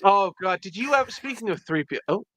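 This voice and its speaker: A man's voice: high voice, expressive, quick pace, pushed and bright, dry recording. A man joining as a guest in a casual review chat, quippy with dry jokes.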